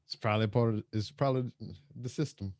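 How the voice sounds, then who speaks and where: A man's voice: mid-range voice, fast talker, darkish tone, dry recording. Laid-back male host on a dry call. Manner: laid-back, brief reassuring replies. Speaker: podcast host. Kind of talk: casual interview chat. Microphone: online voice call.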